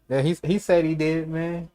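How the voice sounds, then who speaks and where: Male streamer from Chicago, casual, profane, blunt storyteller. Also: fairly high pitch. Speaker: livestreamer. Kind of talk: casual livestream chat.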